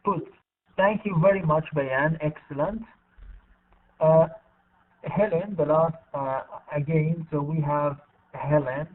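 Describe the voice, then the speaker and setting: Guy teaching english on a call, patient, repeats stuff, kinda high voice, tinny line. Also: takes it slowly, pauses often, distant mic. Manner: patient, repeats names and words. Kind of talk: online class, calling on students. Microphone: online video call. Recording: tinny phone-like online call audio.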